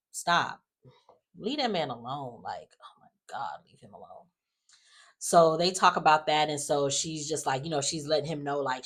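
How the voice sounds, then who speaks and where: A woman chatting casually in a sassy, animated way, sighing and acting out lines in quotes. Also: low voice. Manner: animated, sassy, acts out characters in quotes, frequent sighs. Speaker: soap opera recap vlogger. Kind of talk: casual recap chat.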